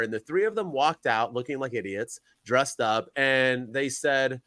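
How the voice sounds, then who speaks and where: Lively man ranting about wrestling. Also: medium pitch, normal speed, few pauses, no echo. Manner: animated, rambling, exasperated recaps. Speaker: podcast co-host. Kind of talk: casual wrestling chat.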